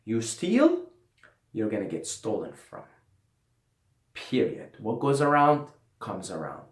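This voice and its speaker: A man's voice: lowish voice, wildly swooping pitch, slow. Profane ranting man in an echoey room. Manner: profane, ranting, repeats himself. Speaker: channel host telling a personal story. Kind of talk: casual storytelling monologue. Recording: roomy echo.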